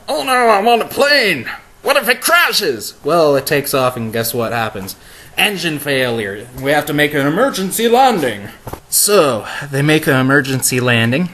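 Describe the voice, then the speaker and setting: A young man vlogging, telling a story emotionally with halting restarts and repeated words. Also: mid-range voice, fairly bright tone, poor audio. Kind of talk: casual vlog monologue.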